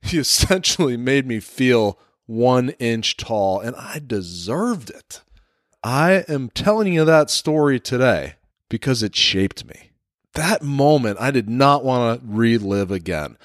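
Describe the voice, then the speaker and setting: A man's voice: medium pitch, lively intonation, slow pace, dry recording, studio quality. A man giving a motivational leadership talk, telling a personal story in an earnest, confessional way. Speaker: leadership speaker.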